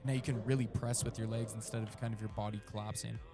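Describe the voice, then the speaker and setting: Man, weightlifting commentator, level monotone delivery, coaching explanations, music playing behind. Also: on the low side, fast talker. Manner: explanatory, coaching tone, many fillers. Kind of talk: live sports commentary.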